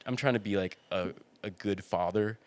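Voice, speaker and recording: A man's voice: on the low side, normal speed. A young man on a podcast telling a story in casual chat, rambling with restarts and acting out what people said. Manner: rambling, restarts, acts out quotes.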